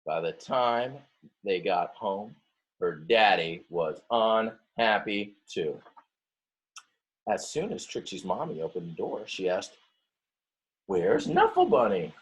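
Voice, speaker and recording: A man's voice: sits low, lively intonation, slow, slightly rough, lo-fi sound. A male teacher reading a picture book aloud to his students, stretching words, acting out the story voices and stopping often to explain details to the class.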